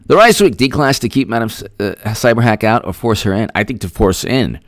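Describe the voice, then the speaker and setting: Guy hosting a political livestream, reading chat, excitable and rambly, pitch all over the place. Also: a little fast, hardly any pauses, no room sound, clean studio sound. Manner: excitable, rambling, repeats himself. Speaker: political commentary host. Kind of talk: livestream commentary reading viewer comments.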